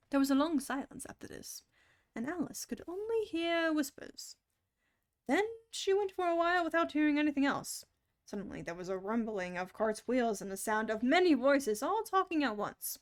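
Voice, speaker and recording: A woman reading a children's book aloud on a stream in an expressive, animated way. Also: high voice, normal speed. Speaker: storyteller.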